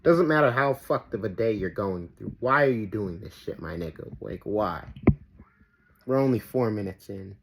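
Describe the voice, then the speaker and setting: A man's voice: lowish voice, normal speed, vocal fry. Profane, rambling man ranting. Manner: rambling, profane, exasperated, with many fillers like "like". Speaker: reaction video host. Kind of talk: ranting reaction commentary. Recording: steady background noise.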